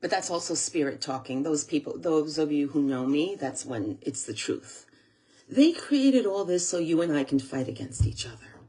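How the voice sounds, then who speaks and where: In an emotional to-camera monologue, a US channel host sounds earnest and teary, often repeating herself. Her voice sits low, mellow and slightly rough, expressive and at normal speed.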